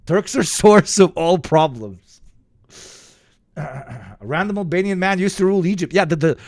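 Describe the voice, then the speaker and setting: A man's voice: fairly high pitch, dry recording, studio quality. A man from the Balkans giving sarcastic, profane livestream reaction commentary that rambles from point to point. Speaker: streamer.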